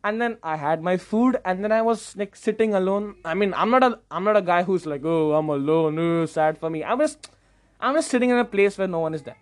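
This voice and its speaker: A young man hosting a podcast, telling a casual story in an animated, self-mocking way and often stumbling over repeated words. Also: high-pitched, brisk. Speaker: podcast host.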